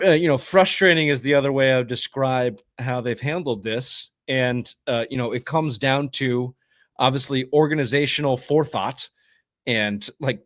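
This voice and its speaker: A man's voice: mid-range voice, fairly bright tone, no echo, clean studio sound. Ranting, profane man in sports chat. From Boston area. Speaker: podcast co-host.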